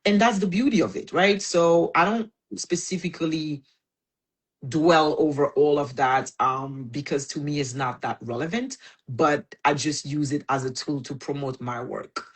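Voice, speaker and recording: A woman's voice: low-pitched, a little slow, breathy edge. A woman with a French accent, hosting a casual podcast conversation and making her points emphatically in repeated lists. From Caribbean. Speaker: podcast host.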